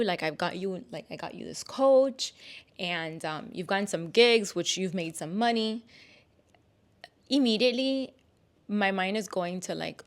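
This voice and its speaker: A woman in her thirties, a podcast co-host, telling a personal story in a casual, animated way and acting out the people she quotes. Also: mid-range voice, a little slow. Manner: animated, acts out quoted voices.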